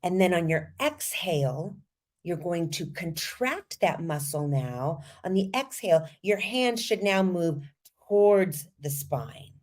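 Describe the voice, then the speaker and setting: A woman voice coach leading a podcast lesson, energetic and guiding listeners step by step through breathing exercises. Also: on the low side, slow.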